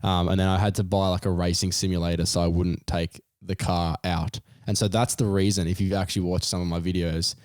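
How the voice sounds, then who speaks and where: Young Australian man, low voice, dry close sound, animated storytelling. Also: brisk, hardly any pauses, no echo. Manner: animated, voice jumps high when retelling panic. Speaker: podcast co-host. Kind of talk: casual storytelling.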